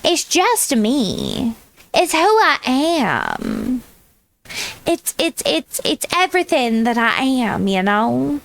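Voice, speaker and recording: A woman's voice: high voice, wildly swooping pitch, slow pace, creaky, fairly bright tone. An American woman chatting casually on a livestream, rambling and laughing often as she answers chat from home. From United States. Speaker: VTuber streamer.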